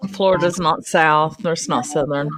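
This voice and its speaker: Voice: medium pitch, fairly even intonation, normal speed. A stream guest chatting casually, joking and teasing the others. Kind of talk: casual chat.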